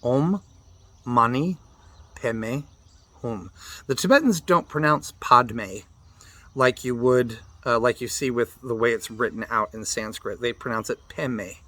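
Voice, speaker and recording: A man teaching mantra practice, patiently explaining and spelling out pronunciations, chanting the syllables slowly, with loose fillers and restarts. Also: mid-range voice, a bit bright. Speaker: meditation teacher.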